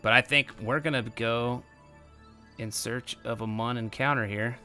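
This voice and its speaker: A young man giving casual let's-play commentary, excitable and bursting into loud exclamations. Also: mid-range voice, measured pace, soft background music. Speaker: gameplay commentator.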